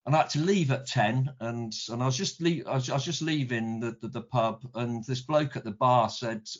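A man's voice: medium pitch, fairly quick. A middle-aged British man telling anecdotes in casual chat. He rambles, repeats his words a lot and swears a little. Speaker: guest. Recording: dull lo-fi recording.

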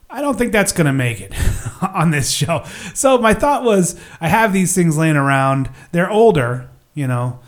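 A middle-aged man hosting a solo podcast, talking casually in a rambling, self-deprecating way with lots of fillers. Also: on the high side. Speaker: podcast host.

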